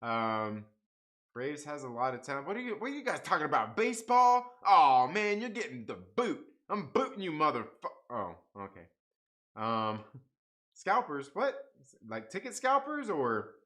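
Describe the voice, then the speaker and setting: A man's voice: mid-range voice, big pitch swings, normal speed, fairly bright tone. A young man hosting a live comics stream, chatting casually, reading the chat aloud, swearing and laughing often.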